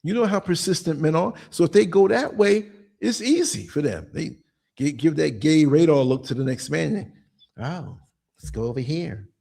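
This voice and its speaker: Husky older guy, sixties, streetwise podcast rant, acts out quotes, bit high pitched. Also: moderate pace, dark tone. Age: 60s. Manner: blunt, streetwise storytelling with acted-out quotes. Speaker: podcast host. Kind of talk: casual monologue commentary.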